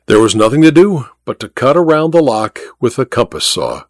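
Lively male audiobook narrator. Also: mid-range voice, normal speed, dry recording, studio quality. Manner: lively, expressive reading.

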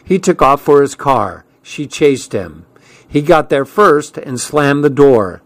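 A man reading a first-person story aloud as an audiobook narrator, with steady storytelling delivery. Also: on the high side, takes it slowly, no room sound. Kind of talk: scripted narration.

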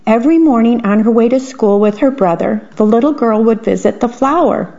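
A woman reading picture books aloud, gently adding her own comments on the pictures. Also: on the high side, brisk, highs cut off. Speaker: storyteller.

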